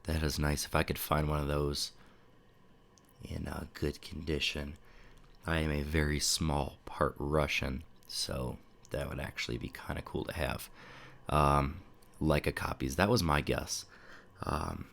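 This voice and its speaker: Sniffling and stuffed up, this young photography streamer talks from a home desk setup in a very deep, gravelly voice. His casual stream chatter is unhurried and wandering, and he reads viewers' messages aloud.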